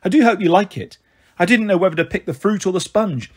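A man reading a storybook aloud and voicing a blunt, sensible teenage girl who speaks in a reproachful way, with a husky voice. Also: high voice, fast. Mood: apologetic.

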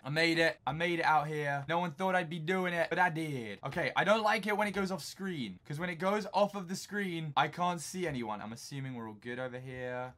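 An English gaming YouTuber, a young man with a fairly high voice, gives jokey, excitable commentary as he plays, muttering to himself and suddenly shouting.

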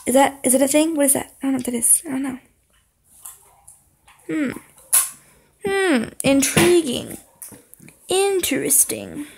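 A young woman playing a horror game, talking to the screen, singing along and yelling when scared. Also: high voice, steady tone, fairly quick, creaky, pauses often. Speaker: gaming channel host. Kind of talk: horror game let's play commentary.

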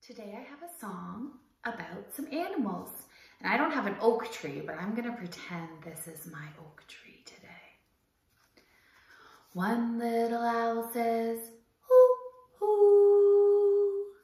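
A woman leading a children's circle time, singing an animal song in a slow, animated, sing-song way. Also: on the high side, creaky. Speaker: early-years program leader. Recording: echoey room.

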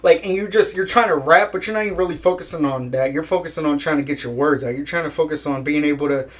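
Chill young guy talking about himself, curses a lot, kinda high voice. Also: fast talker, a bit bright. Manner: laid-back, swears often, laughs at own jokes. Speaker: guest musician. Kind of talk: casual interview chat.

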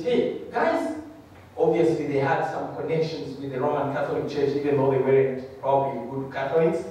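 A man's voice: mid-range voice, a little hiss or hum. A man from Rwanda, giving a testimony sermon as a guest speaker and acting out the voices in his story. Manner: animated storyteller who acts out quoted voices. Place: church hall. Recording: very echoey hall, mic far off.

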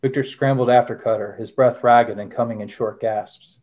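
A young adult man talking about his own novel in a relaxed, filler-heavy way. His voice sits at an ordinary male pitch, and he also reads his prose aloud in a steady narration. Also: normal speed. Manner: casual, many "uh" fillers. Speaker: author, former Marine. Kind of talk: interview answers and reading from his novel.

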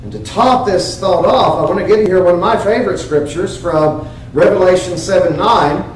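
Man, high-pitched pastor, earnest emphatic sermon, distant mic in a very echoey sanctuary. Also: moderate pace, slight background noise. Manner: earnest, emphatic preaching with rhetorical questions. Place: church sanctuary. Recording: very echoey church, heard from afar.

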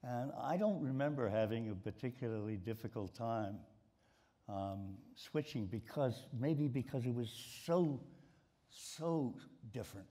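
A man's voice: mid-range voice, a little slow, warm tone. An older man with a mid-Atlantic American accent, telling stories on stage with many repeated words. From Baltimore, USA. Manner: storytelling, with frequent repeated words. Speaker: guest, sports writer. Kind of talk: stage conversation. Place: stage before a live audience.

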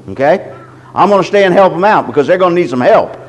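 A middle-aged man preaching a sermon, reading scripture slowly and deliberately, often stopping to repeat his words. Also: sits high, animated, poor audio. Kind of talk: sermon teaching.

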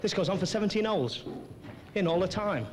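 A man doing a stand-up comedy routine as compere, with cheeky quick-fire jokes. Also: high-pitched, animated. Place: large theatre stage. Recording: noisy old video tape with audience. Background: audience laughter.

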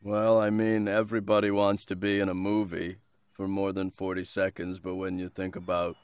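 A man voicing a blunt, self-serving middle-aged coach who rambles and pushes in a deadpan way. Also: sits low, moderate pace, smooth, no echo, close to an everyday voice.

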